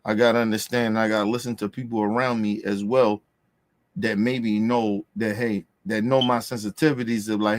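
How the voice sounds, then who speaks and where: A man's voice: lowish voice, flat delivery, normal speed, no room sound. A man hosting a podcast, ranting in a heated, profane way and repeating himself for emphasis. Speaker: podcast host. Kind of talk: casual ranting commentary.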